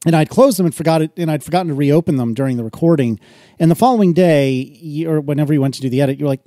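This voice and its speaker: Man, warm mellow voice, rambling storyteller, home office, dry sound. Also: on the high side, rapid-fire, no echo. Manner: rambling, self-correcting storyteller. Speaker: podcast co-host. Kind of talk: casual storytelling chat.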